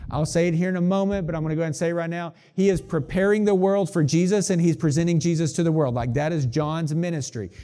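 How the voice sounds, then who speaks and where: Chatty man preaching, mellow voice. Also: high-pitched. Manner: casual, chatty, full of "like" and self-corrections. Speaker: pastor. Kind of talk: sermon with scripture reading.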